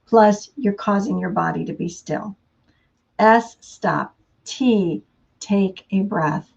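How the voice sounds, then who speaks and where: A woman giving a casual inspirational talk, unhurried and laughing often between thoughts. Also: mid-range voice, creaky, dull audio. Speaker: motivational speaker.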